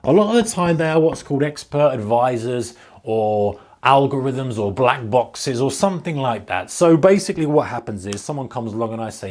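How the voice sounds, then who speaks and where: A man's voice: medium pitch, lively intonation, moderate pace. A man with a British accent, a trading educator, talking viewers through a topic in a casual, emphatic, direct way. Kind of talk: casual explainer to camera.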